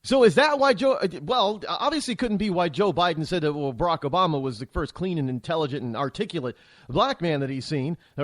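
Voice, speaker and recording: High, lively-voiced male political host. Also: no room sound. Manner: heated, opinionated, rambling with frequent restarts. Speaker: talk show host. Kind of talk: political commentary monologue.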